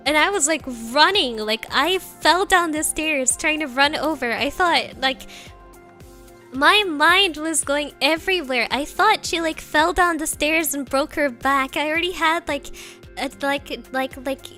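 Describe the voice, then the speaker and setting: A woman's voice: high-pitched, unhurried, soft background music. A young woman telling stories casually on a livestream, full of fillers and the odd Japanese word. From Germany. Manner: animated, many fillers, sprinkles Japanese words. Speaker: streamer.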